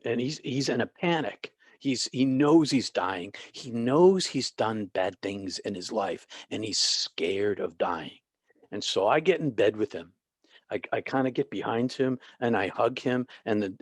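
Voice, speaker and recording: A middle-aged man, a former pastor, telling stories as a podcast guest, halting and restarting often and sometimes dropping to a soft whisper. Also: medium pitch, dry recording. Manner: halting with many restarts, drops to a soft whisper when quoting. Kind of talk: storytelling interview.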